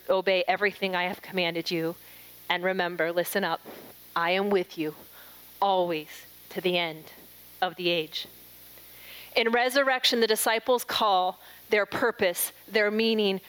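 A middle-aged woman preaching an earnest, emphatic sermon, slowing and softening her voice on scripture quotes. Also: medium pitch, clear, resonant tone, poor audio.

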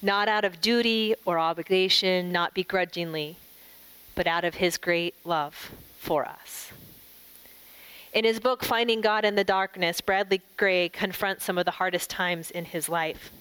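A middle-aged woman giving a devotional talk, gentle and reflective, telling a family story and closing in prayer. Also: on the low side, measured pace, clear, resonant tone, dry recording, poor audio. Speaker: devotional speaker.

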